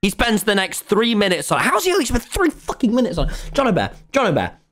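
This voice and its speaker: An excitable man streams a game live and chats to his viewers, his voice high and swooping all over the place. He rants and swears at the screen in exasperation, then drops back into running commentary. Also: brisk, faint music behind. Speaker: gaming streamer.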